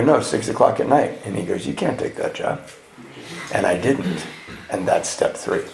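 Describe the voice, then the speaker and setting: A man with a gravelly, mid-pitched voice tells his recovery story to a live audience. He acts out the back-and-forth of conversations and laughs at himself. The room gives his voice a roomy echo. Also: darkish tone. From California. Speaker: retreat speaker sharing his recovery story. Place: retreat meeting room.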